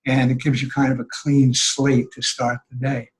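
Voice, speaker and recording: An older man, a guest on a podcast, talks in an earnest, conversational way as he explains his advice. His voice sits in a middle pitch and now and then he acts out what people say in livelier tones. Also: completely flat delivery, normal speed, poor audio.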